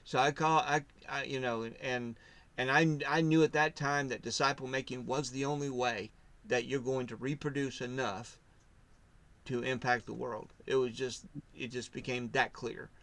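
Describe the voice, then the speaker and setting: A man in casual faith discussion, telling his story in a rambling way, restarting sentences and loudly acting out what others said. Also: mid-range voice, fairly even intonation, normal speed. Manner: rambling, self-interrupting storyteller who acts out quotes loudly. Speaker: podcast co-host.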